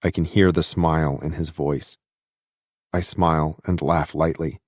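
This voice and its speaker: Deep-voiced male audiobook narrator. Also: unhurried, no room sound, clean studio sound. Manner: steady, intimate reading. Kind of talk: scripted first-person audiobook narration.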